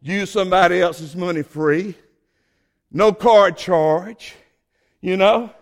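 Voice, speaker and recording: A man's voice: high-pitched, slow. A man with a Southern accent preaching a sermon as a pastor, folksy and fervent, stretching out words at his emphatic peaks. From Southern United States.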